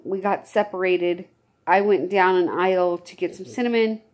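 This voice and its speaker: A woman, telling a true story from her own life in a rambling, casual way, often restarting her sentences. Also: lowish voice. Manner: rambling, restarts and self-corrections. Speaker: vlogger telling a personal story.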